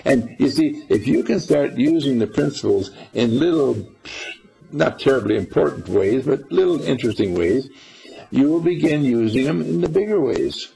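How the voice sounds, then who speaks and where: A gravelly, husky older man with a mid-range, dark-toned voice leads an informal spiritual talk for a small group, speaking with lively intonation at a moderate pace. As a spiritual teacher he's folksy and rambling, and he quizzes his listeners as he goes. Soft music plays behind him, and the audio is poor.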